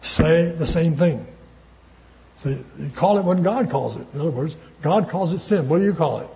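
A man's voice: on the high side, moderate pace, a little mellow. A man preaching a sermon emphatically, repeating key words and chuckling between his points.

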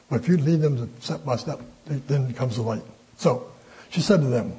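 An older man teaching a Bible study in a folksy, conversational way, pausing often with fillers. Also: medium pitch, mellow, slightly rough, poor audio.

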